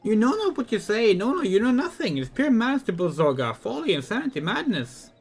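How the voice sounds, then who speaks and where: A man's voice: sits high, very animated, fairly quick, breathy edge, faint music behind, full character voice. A man voicing a small, timid male kobold who wails and piles up gloomy synonyms. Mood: wailing.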